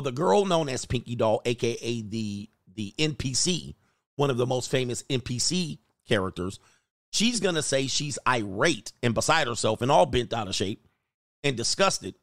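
A man's voice: medium pitch, a bit bright, no echo, clean studio sound. A man hosting a casual reaction commentary, blunt and crude, riffing off clips he plays. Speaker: commentary channel host.

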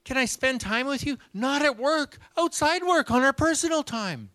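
A man voicing an earnest, excitable man with a slight speech impediment, telling his news eagerly. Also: very high-pitched, moderate pace, dry recording, pitched above the performer's own voice, full character voice. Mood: thrilled.

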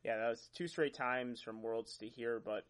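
A man's voice: mid-range voice, moderate pace, fairly bright tone, smooth. A man co-hosting a podcast, reacting briefly and asking follow-up questions in casual chat. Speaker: podcast co-host.

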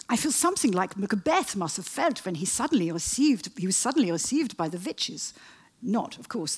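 A woman's voice: mid-range voice, slightly rough, low-quality recording. A woman voicing a giddy, pompous German emperor with a German accent. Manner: grandiose and gushing.

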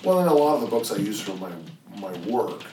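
Deep-voiced older man, echoey and distant. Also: big pitch swings, fast, mellow, slight background noise. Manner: rambling, lots of restarts and "you know". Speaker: strength coach and guest. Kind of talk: casual interview storytelling. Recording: echoey room, off-mic, faint ambience.

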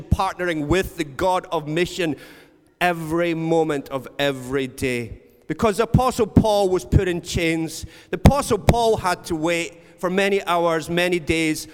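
Man preaching in an echoing hall. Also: fairly high pitch. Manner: earnest, storytelling, repeats words for emphasis. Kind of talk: sermon. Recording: long reverb of a large hall.

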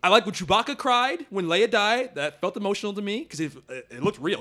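A man's voice: high-pitched, brisk. A young man in casual movie talk, sarcastic and swearing often, acting out lines as he rants. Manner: animated, sarcastic, swears often, acts out quotes.

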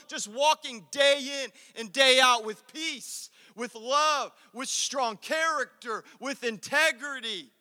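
A man preaching a sermon as pastor, swinging from quiet asides to loud, drawn-out calls. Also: extremely high pitch. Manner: preaching with dramatic swings of volume and acted quotes. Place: church sanctuary. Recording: echoey church hall.

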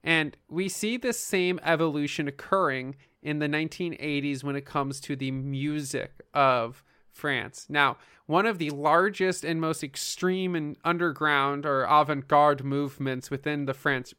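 A man's voice: on the high side, sharp tone, smooth, no room sound, clean studio sound. A man hosting a comic chat with a mock-formal, announcer-like delivery. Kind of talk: mock-serious comedic presenting.

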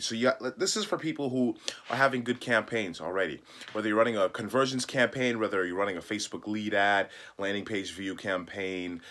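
A man's voice: fairly low pitch, pushed and bright. A man coaching loan officers on marketing, talking emphatically and pleading with listeners, often acting out sample calls and messages. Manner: emphatic, pleading, repeats points; acts out sample calls and texts. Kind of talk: direct-to-camera teaching talk.

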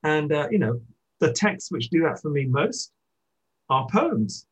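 A poet in conversation, speaking thoughtfully about poetry and pausing to restart his sentences. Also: on the high side, sing-song, husky, low-quality recording. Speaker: poet, interviewee. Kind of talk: reflective literary conversation.

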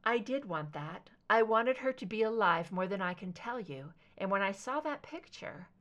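A woman voicing a calm, firm female FBI agent in an audiobook, speaking steadily and low. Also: moderate pace, highs cut off, close to an everyday voice. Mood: steady.

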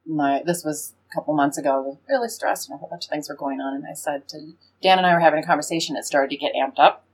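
A woman hosting a radio talk show, speaking in a lively, conversational way, often laughing and acting out what people said. Her voice is slightly husky. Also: low-pitched, quick pace, low-quality recording. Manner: animated, laughs often, acts out quoted speech. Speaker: podcast and radio host. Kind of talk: conversational interview. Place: radio studio.

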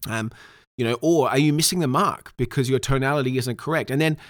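A man's voice: medium pitch, a little fast, dry recording, clean studio sound. Emphatic man coaching sales calls. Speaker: sales trainer. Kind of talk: instructional talk.

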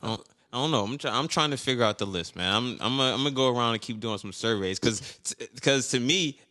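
Podcast host, man, bright forceful voice, earnest. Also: medium pitch, fast talker. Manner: earnest, repeats "you know what I mean". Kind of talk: casual podcast chat.

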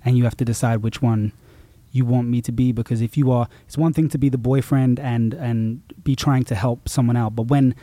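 Male musician guest, reflective and rambling, warm low-toned delivery, dry close sound. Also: steady tone, brisk, hardly any pauses, no echo. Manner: reflective, rambling with many restarts. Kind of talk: casual interview talk.

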